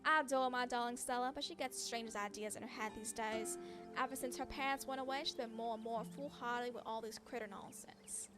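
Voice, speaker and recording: A woman's voice: fairly high pitch, steady tone, brisk, natural voice. A woman voicing a protective Southern woman who dotes on and disapproves of a friend, with a put-on Southern drawl over game music. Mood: disapproving.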